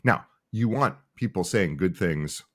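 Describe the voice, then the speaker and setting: A middle-aged company founder talks casually in an interview with a low-pitched voice at a measured pace. He's an animated storyteller who acts out the people he quotes.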